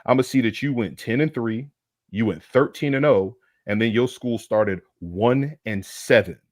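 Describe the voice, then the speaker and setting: A man's voice: medium pitch, measured pace, dry recording, studio quality. Brash, profane man ranting. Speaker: co-host. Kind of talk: casual sports talk livestream.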